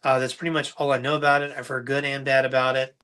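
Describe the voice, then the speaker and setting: Animated man with a bright, forceful voice. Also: medium pitch, quick pace. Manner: animated anecdotal storyteller, acts out quotes. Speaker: podcast host. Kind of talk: casual storytelling on a livestream.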